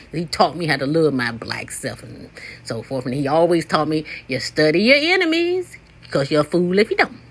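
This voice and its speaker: A woman in her sixties hosting a podcast as a casual, rambling solo monologue, blunt and profane, jumping between topics and leaping up in pitch to stress a point. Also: a bit bright. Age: 60s. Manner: sudden jumps up in pitch for emphasis. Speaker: podcast host.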